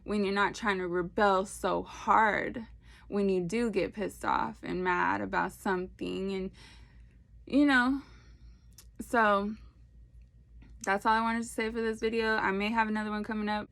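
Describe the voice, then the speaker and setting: A woman giving a casual, animated faith talk into her phone, preachy and slangy with playful asides. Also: mid-range voice, unhurried, gravelly. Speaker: faith video host.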